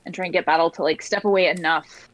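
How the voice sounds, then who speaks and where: A woman's voice: lowish voice, fairly even intonation, quick pace. A woman playing a tabletop game over an online call, talking in a rambling way with many fillers. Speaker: player. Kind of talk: casual tabletop play.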